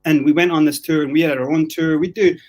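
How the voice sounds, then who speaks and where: Animated swearing man telling a story. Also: a little high, quick pace, soft background music. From Scotland. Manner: animated, profane, acts out quotes. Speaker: guest storyteller. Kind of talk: casual podcast storytelling.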